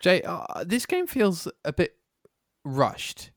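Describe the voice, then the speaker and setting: A man's voice: sits high, wildly swooping pitch, slow, no echo, studio quality. A man co-hosting a gaming podcast in casual chat, leading the rundown and putting questions to his co-host.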